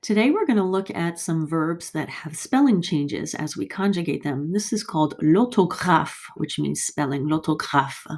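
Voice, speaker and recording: A woman teaching a French lesson, slowly and carefully modeling each verb form for learners to repeat. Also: lowish voice, lively intonation, darkish tone. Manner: slow, careful modeling of pronunciation. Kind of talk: screen-share language lesson.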